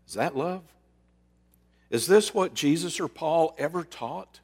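A man with a somewhat high voice preaches a sermon in a church sanctuary. He pauses for effect and asks rhetorical questions before answering them. A long reverb trails behind every phrase. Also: expressive, a little mellow, breathy edge. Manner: preaching with dramatic pauses and acted-out quotes. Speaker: pastor.

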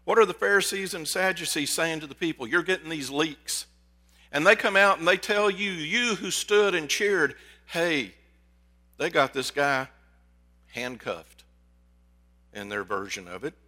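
A man with a bright, slightly high voice delivers a conversational sermon, swinging between quiet asides and excited outbursts. He talks to the congregation directly, calling them folks. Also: normal speed. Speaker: pastor. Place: church sanctuary.

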